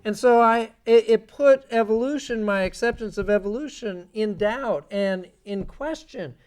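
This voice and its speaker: Animated man with mocking asides. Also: high voice, measured pace, smooth. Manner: animated, sarcastic asides, mocking quoted voices. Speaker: creation science speaker. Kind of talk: church lecture. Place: church sanctuary.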